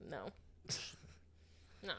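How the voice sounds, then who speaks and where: Woman, podcast co-host, casual chat, blunt, chatty, quick to laugh. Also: a bit bright.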